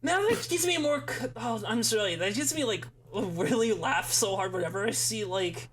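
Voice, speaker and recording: A podcast co-host in casual chat, giggly, jumping in with quick reactions. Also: medium pitch, fairly bright tone, a little hiss or hum.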